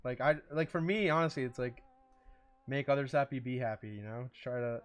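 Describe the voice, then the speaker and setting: A young man hosting a casual streaming podcast, rambling and joking, dropping to a mumble and then jumping into loud bursts. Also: mid-range voice, brisk, clear, resonant tone. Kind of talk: casual chat.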